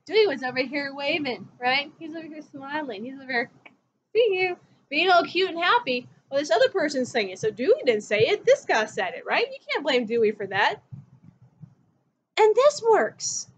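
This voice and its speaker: Female history teacher, home-recorded lecture, animated storyteller, slight background hiss. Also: high voice, normal speed. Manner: chatty storytelling, acting out quotes. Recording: dull lo-fi recording.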